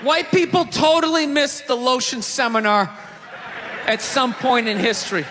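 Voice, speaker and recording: A man doing a stand-up set on a theater stage, ranting in a loud, exasperated way into a handheld mic. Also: very high-pitched, normal speed. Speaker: stand-up comedian. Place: theater stage before a live audience. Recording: live theater recording with audience noise and reverb.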